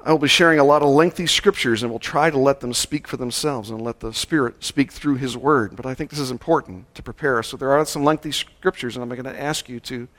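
Male pastor, mid-pitched voice, deliberate sermon delivery that leans on key words. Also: fairly bright tone. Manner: measured, slowing down to stress key words. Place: church service.

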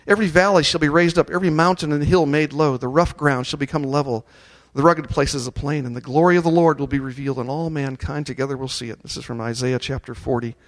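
A man preaching a sermon, reading scripture aloud and leading the congregation in call-and-response chants, rising to loud ringing peaks. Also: fairly high pitch, steady tone, quick pace, hardly any pauses. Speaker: pastor.

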